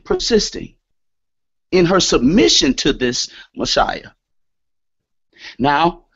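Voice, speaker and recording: Male lecturer, emphatic sermon delivery with lively pitch swings, muffled lo-fi sound. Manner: emphatic, repeats key statements. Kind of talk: sermon-style scripture lecture. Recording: dull lo-fi audio.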